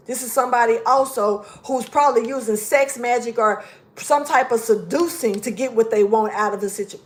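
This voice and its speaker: A woman's voice: a little high, fairly quick, slight background noise. Blunt, profane woman reading tarot. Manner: blunt, profane, emphatic, drops to mutters. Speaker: tarot reader. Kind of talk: casual tarot reading vlog.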